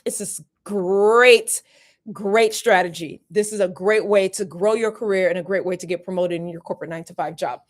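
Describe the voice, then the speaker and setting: A woman's voice: fairly low pitch, fairly even intonation, fast, hardly any pauses, a little mellow. A woman who works as a workplace lawyer and career coach gives live-streamed career advice in an emphatic, chatty way, repeating key points. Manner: emphatic, repetitive, chatty asides.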